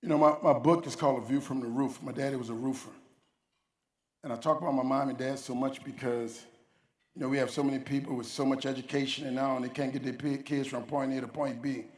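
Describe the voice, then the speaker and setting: A man's voice: medium pitch, flat delivery, quick pace, distant mic. A man giving a motivational keynote speech, telling stories in a folksy, emphatic way and acting out the dialogue. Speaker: keynote speaker. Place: large conference hall. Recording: roomy hall, voice from off-mic.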